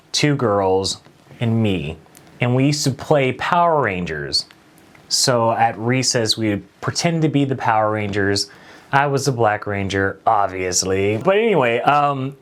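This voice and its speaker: A man hosting a late-night show, telling a personal story in a conversational, self-deprecating way. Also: mid-range voice.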